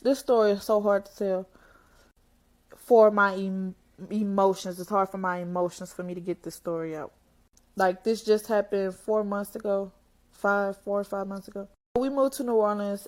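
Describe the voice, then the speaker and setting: Young woman, blunt emotional storytime. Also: mid-range voice. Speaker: vlogger. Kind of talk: candid storytime.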